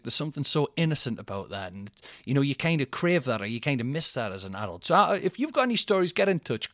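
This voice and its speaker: A man's voice: mid-range voice, a bit bright, no room sound, studio quality. A man, telling rambling comic stories as a podcast host and often laughing at himself. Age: 30s. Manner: chatty, rambling, laughs at his own stories. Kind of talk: casual storytelling monologue.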